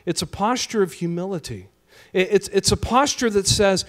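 High-pitched guy preaching a sermon, earnest, lots of repeats and stumbles. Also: moderate pace. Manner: earnest, repetitive preaching with stammered restarts. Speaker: pastor. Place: church sanctuary.

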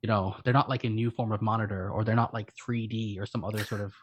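A man with an Irish accent, co-hosting a live stream in quick, rapid-fire casual chat. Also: on the low side, fairly even intonation. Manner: rapid-fire, self-described fast talker. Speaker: co-host. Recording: dull lo-fi stream audio.

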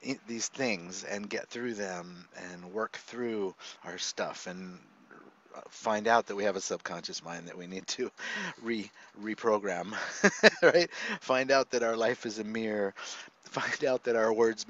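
A man with a fairly low voice tells stories animatedly on a podcast, laughing easily between points. His sound comes through a video call and is a little dull and lo-fi. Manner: animated, laughs often, quick asides. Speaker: podcast guest. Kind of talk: conversational storytelling.

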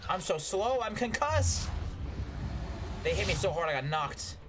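A man's voice: a little high, fairly quick. A man giving casual, jokey let's play commentary, exclaiming at the action. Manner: excitable, jokey, yelps at hits. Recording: game music loud behind voice.

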